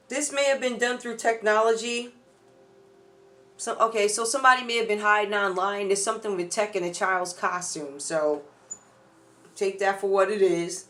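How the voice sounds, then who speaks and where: A woman's voice: mid-range voice, fairly even intonation, moderate pace, a bit bright. A woman doing a casual tarot reading, chatty and loose, talking straight to her viewers. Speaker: tarot reader.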